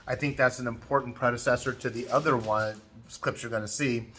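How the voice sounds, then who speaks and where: A middle-aged man chatting casually as a travel vlogger in a hotel room, telling stories in a talkative way and growing loud as he retells a quarrel. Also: mid-range voice, a little hiss or hum. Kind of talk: casual vlog chat.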